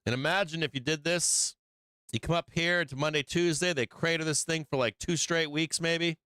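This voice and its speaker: A man's voice: fairly high pitch, fairly even intonation, normal speed, pushed and bright, clean tone, no room sound. Brash, profane man hyping chart trades. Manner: brash, profane, hyped-up, addresses viewers directly. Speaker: stock market stream host. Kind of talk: casual live chart commentary.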